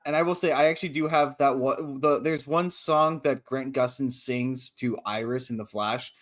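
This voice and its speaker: A man talking in casual podcast banter, animated and quick to react. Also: mid-range voice. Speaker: podcast co-host.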